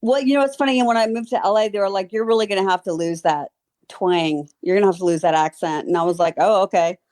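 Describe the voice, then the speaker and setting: A woman's voice: medium pitch, quick pace, a little mellow. Chatty woman with a slight Southern twang. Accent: slight Southern American. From Baton Rouge, Louisiana. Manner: friendly, chatty, laughs easily. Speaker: guest, former model and author. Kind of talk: casual interview chat.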